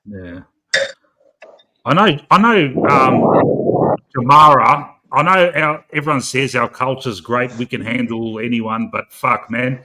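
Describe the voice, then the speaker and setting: A man's voice: medium pitch, slow pace, sharp tone, poor audio. A man in casual chat on a late-night call, talking bluntly and swearing freely.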